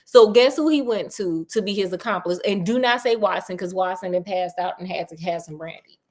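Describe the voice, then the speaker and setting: A woman's voice: on the low side, brisk. A young adult woman hosting a casual retelling of a classic story, chatty, sassy and slangy, asking a listener questions. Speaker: storyteller host.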